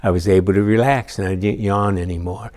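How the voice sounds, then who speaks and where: A church teacher gives a conversational lesson in a lowish, slightly mellow voice that stays steady and moves a little fast. He tells personal stories and wanders into frequent asides.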